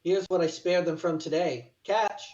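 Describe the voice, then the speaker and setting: A man voicing a sly, charming male clone officer with a smooth, teasing manner, recorded distant in a roomy space on a dull mic. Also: high-pitched, steady tone, normal speed, a little mellow, natural voice.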